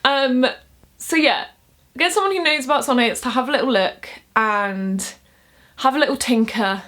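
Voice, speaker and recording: A young woman with a high, somewhat bright voice casually explains how she writes sonnets at a moderate pace. As a poetry tutorial vlogger, she's chatty and upbeat, laughing between her points.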